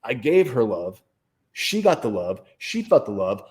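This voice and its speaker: In this interview, a male guest who is also an author tells a personal story with a medium-pitched, slightly dark voice that swings widely in pitch. He takes his time, speaking casually and emphatically, swearing freely and restarting often.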